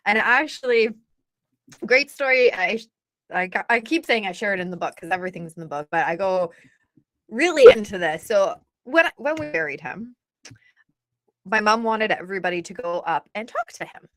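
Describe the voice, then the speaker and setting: A woman's voice: medium pitch, animated, normal speed, fairly bright tone, dry recording. A woman in her thirties, a guest author, telling a personal story in a blunt, emphatic, candid way. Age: 30s.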